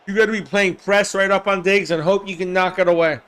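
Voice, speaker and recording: High-pitched dude doing live play-by-play, gets loud and hyped on big plays, talks to chat. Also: male voice, brisk, clear, resonant tone. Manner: excitable, shouts on big plays, chats to viewers by name. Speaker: host of a game simulation stream.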